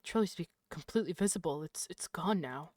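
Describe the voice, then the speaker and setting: Animated woman streamer, loud startled outbursts. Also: fairly low pitch, quick pace, slightly rough, no room sound, studio quality. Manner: reads narration quietly, then reacts with loud startled swearing. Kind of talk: live gameplay commentary, reading game text aloud.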